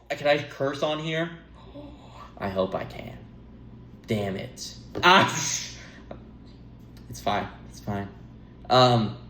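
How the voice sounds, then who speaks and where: A young man giving rambling, earnest advice to camera, breaking off to laugh at himself and drift off topic. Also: mid-range voice. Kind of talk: rambling casual monologue to camera. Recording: echoey room.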